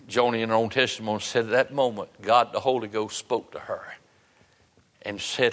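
A man's voice: fairly low pitch, fairly even intonation, a little fast, fairly bright tone, long reverb tail. A man preaching a sermon and leading an altar call, earnest and pleading, repeating his phrases for emphasis. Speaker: pastor.

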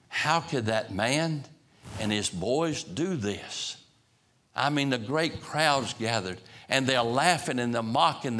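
Retelling a story, a male preacher builds dramatic emphasis. His bright, forceful voice sits at a middle pitch.

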